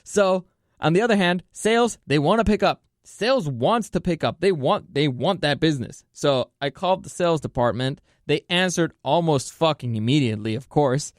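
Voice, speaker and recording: Rambling, profane man with a higher voice. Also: animated, normal speed, no echo, studio quality. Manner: rambling and profane, with many restarts and fillers. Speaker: vlogger telling a personal story. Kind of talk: casual storytelling monologue. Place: California.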